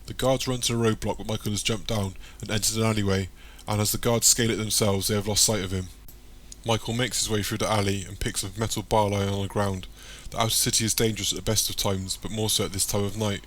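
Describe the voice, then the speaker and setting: Guy narrating an audiobook, lowish voice, even delivery. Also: fast talker. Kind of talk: scripted narration.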